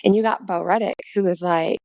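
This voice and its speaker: A woman guest in a casual podcast chat, telling stories with lively asides. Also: mid-range voice, a little fast, gravelly, no room sound. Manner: chatty storyteller, lively asides. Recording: dull, dry lo-fi sound.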